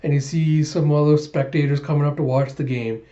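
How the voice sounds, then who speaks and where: A young man hosts a podcast, chatting and giggling as he recaps a manga chapter and retells scenes using quoted voices. His voice is a little high and mellow, steady in tone and slightly fast, on dull-sounding audio.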